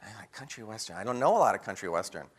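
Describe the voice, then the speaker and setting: A man giving a lively storytelling talk to an audience, acting out the voices of people in his story. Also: fairly low pitch, rapid-fire, slightly rough. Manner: animated storyteller acting out quotes. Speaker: guest speaker. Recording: long hall reverb.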